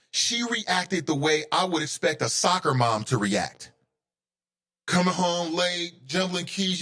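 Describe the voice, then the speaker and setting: Male talk host, higher-pitched voice, heated solo ranting commentary. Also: bright, forceful tone. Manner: heated, ranting, rising to indignant outbursts.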